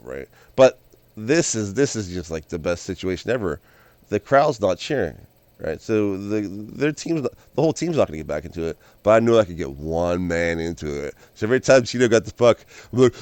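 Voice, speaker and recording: A man with a mid-range voice rambles on in a casual, excitable monologue. He stumbles and restarts his phrases and sometimes erupts into loud yells. The sound is dry and close, with no room around it. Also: medium pitch, fast talker, no room sound. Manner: calls himself loud, bursts into yells. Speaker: video host.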